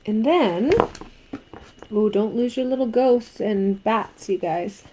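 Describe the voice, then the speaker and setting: A woman's voice: medium pitch, takes it slowly, mellow, poor audio. Woman, card-making instructor, chatty, asks viewers questions, faint background noise. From Canada. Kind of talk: crafting tutorial.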